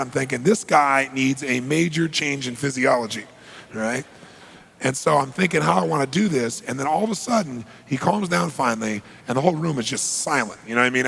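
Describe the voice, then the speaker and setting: A middle-aged man with a gravelly, husky voice tells a story to an audience with animation. He drops into low asides and then breaks into loud bursts.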